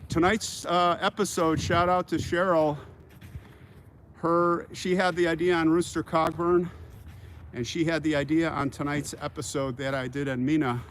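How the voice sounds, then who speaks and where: A man with a slightly high voice hosts a livestream on a walk outdoors, talking into a handheld phone. He rambles through a mock rant and keeps stopping to thank donors. Faint traffic hums in the background. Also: level tone, normal speed, fairly bright tone. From Kansas. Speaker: livestream host. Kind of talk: casual livestream chat while walking. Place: outdoors walking through a cemetery.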